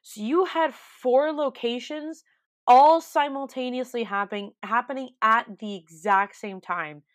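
A woman's voice: a little high, a little slow, dry recording, studio quality. A young woman in casual chat, emphatic and given to repeating words for effect.

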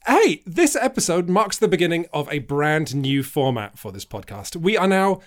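A man opens a casual podcast with playful, jokey introductions. His voice sits a little high and moves around a great deal. He sounds animated throughout. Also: moderate pace, few pauses. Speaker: podcast host.

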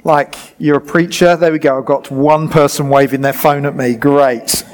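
A man with a fairly high voice, preaching a sermon. He is lively and jokes with the congregation as he explains and directs a demonstration. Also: moderate pace.

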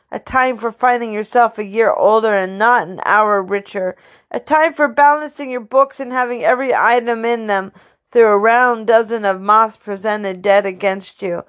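A woman voicing a bitter, miserly old man who speaks in a gruff, curt way. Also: a little high, a bit bright.

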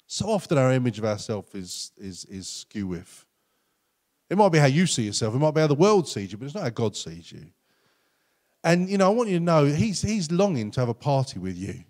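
Animated pastor preaching. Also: male voice, medium pitch, fairly quick. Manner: earnest, conversational preaching with lively acted-out quotes. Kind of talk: sermon.

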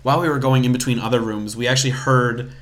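A man's voice: mid-range voice, fairly even intonation, fast talker, fairly bright tone. A young man co-hosting a casual podcast, chatty and explaining things at length with small restarts. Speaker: podcast co-host.

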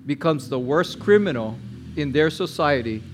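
A man preaching a sermon, telling a story with lively acted-out quotes and talking to the listener directly. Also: a little high, normal speed, a little hiss or hum. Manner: animated storyteller, acts out quotes, addresses listener as my friend.

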